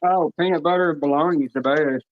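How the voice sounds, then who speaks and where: A woman's voice: low voice, fast talker. A woman in casual live-stream chat, telling folksy stories and acting out her own quotes. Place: home in the United States. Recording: dry, dull lo-fi stream audio.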